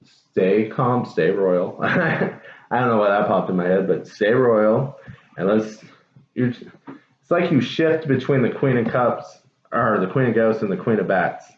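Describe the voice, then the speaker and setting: Chatty low-voiced man reading tarot. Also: normal speed. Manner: relaxed, chatty, trailing fillers and laughs. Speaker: tarot reader. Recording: dull echoey room with faint noise.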